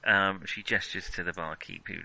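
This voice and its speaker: Bright-voiced game master. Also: male voice, sits low, fairly even intonation, moderate pace, gravelly, rough recording. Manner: hesitant, full of ums while narrating. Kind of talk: narrating a tabletop game.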